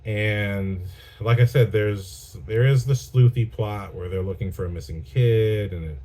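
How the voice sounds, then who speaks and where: A man with a fairly low, mellow voice talks through a film he enjoyed in loose, casual chat. He rambles enthusiastically and restarts his sentences often, like a filmmaker thinking aloud. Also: measured pace.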